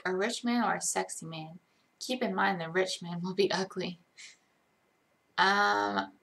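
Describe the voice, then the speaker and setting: Slow, gravelly young woman streamer. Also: lowish voice, fairly bright tone. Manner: hesitant, frequent ums and trailing pauses. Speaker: live streamer. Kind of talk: casual live-stream Q&A, reading chat questions aloud.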